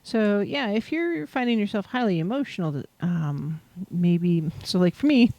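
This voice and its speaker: A woman's voice: mid-range voice, lively intonation, moderate pace, warm tone, no echo. A woman hosting a casual livestream, talking through a spiritual topic in a rambling way with many fillers. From Pacific Northwest, USA. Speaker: host. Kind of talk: casual livestream chat about chakras.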